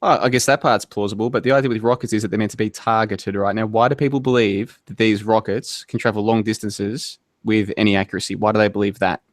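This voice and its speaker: A man's voice: fairly low pitch, steady tone, fast, hardly any pauses, dry recording, studio quality. A man, a podcast guest, arguing in a casual online debate chat, rambling and asking "right?" again and again.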